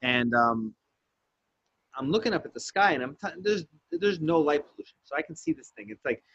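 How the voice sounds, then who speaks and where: A man with a fairly high voice tells a long story in a casual podcast, swearing often and acting out every quoted line. The sound is dry and close, but the audio is dull and lo-fi. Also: a little fast, husky, no room sound. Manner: profane, animated storyteller who acts out quotes.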